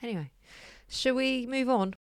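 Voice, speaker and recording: A middle-aged woman co-hosting a podcast, chatting casually and telling animated stories. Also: fairly high pitch, moderate pace. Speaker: podcast co-host. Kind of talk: casual chat.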